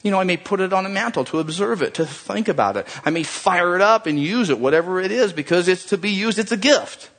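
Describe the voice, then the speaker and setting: Animated man preaching, lively pitch. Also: quick pace, few pauses. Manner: animated, conversational preaching with jokes to the congregation. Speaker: pastor. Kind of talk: sermon.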